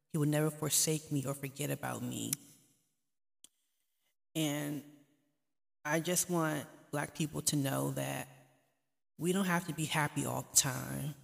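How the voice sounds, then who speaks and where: A woman's voice: low-pitched, steady tone, a little slow, gravelly, pauses often. A woman hosting a vlog, talking earnestly and pleadingly to camera with faith-driven encouragement. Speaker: vlog host. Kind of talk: casual heartfelt talk to camera. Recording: long reverb, echoey room.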